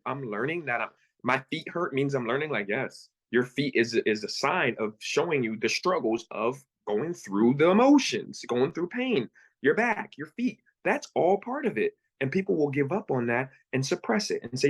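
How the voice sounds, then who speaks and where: A man in his thirties from Pennsylvania, telling his own story as a guest with earnest, halting, repeated phrases. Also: medium pitch, big pitch swings, slightly rough. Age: 30s. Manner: earnest, repeats words, acts out his own thoughts in quotes. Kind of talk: candid personal storytelling.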